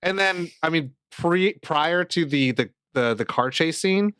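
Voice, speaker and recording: Podcast dude rambling n swearing, kinda high voice, acts out scenes in quotes. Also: male voice, expressive, measured pace, a bit bright, smooth, no room sound, clean studio sound. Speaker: podcast co-host. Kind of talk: casual chat.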